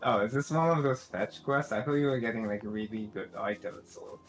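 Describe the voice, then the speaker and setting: A man's voice: on the low side, brisk, faint music behind, poor audio. A man co-streaming a game, making dry, questioning remarks. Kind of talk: casual gaming stream chat.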